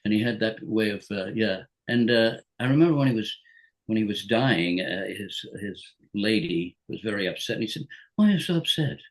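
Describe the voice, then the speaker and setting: A man's voice: on the low side, moderate pace. An older man, a guest actor on a rewatch show, reminiscing in casual chat and laughing often.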